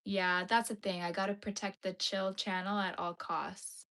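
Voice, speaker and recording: A woman's voice: mid-range voice, level tone, normal speed. Chatty young woman crocheting on a livestream. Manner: chatty, drifts into soft murmurs and whispers. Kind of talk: casual livestream chat while crocheting. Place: home crafting room.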